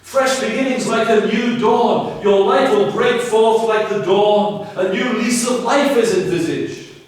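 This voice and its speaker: Earnest and emphatic, a pastor fires rhetorical questions at his listeners in a church sanctuary. His high voice moves at a measured pace and sounds far off in the strongly echoing space.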